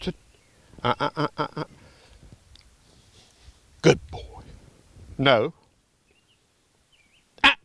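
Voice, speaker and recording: A man's voice: on the high side, very animated, very slow, pauses often, bright, forceful tone. A middle-aged man, a dog trainer, explains in a casual, conversational way in his home kitchen, breaking off to give short, firm commands to a dog. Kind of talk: casual instructional vlog.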